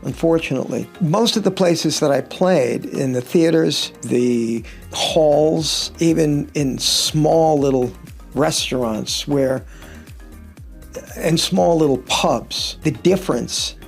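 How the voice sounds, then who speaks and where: A man's voice: on the high side, slow, vocal fry, faint music behind. A middle-aged man, a touring guitarist, chatting casually in an interview and telling rambling stories with wry humor. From United States.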